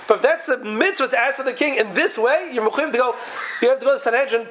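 A man's voice: extremely high pitch, fast, fairly bright tone, slight background noise, low-quality recording. A man giving a Talmudic lecture to a class, posing question after question in a sing-song study cadence. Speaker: Torah teacher.

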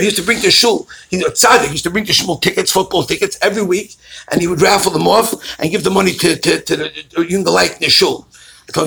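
Gravelly high-voiced rabbi telling stories. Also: male voice, fairly quick, a little hiss or hum. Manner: animated storytelling, acts out callers' voices. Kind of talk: storytelling sermon.

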